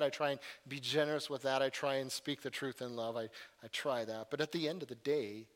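A man's voice: mid-range voice, fairly bright tone, big-room sound. A man preaching a sermon in an earnest way, often repeating words and telling stories with animation.

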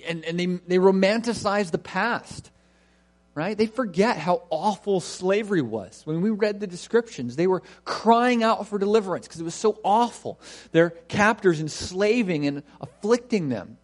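A man preaching a sermon, reading scripture and asking the congregation questions in an earnest way. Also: fairly high pitch. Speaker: pastor.

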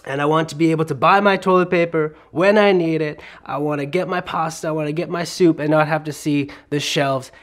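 Male preacher, slightly high voice, lively comic storyteller in a sermon. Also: fairly quick, few pauses.

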